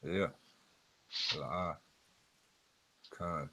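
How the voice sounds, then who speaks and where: A man teaching scripture in a casual, halting way, going slowly word by word and often repeating himself. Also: sits low, steady tone, bright, forceful tone, husky, poor audio. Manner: slow, halting, repeats words and fillers. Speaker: street preacher teaching scripture.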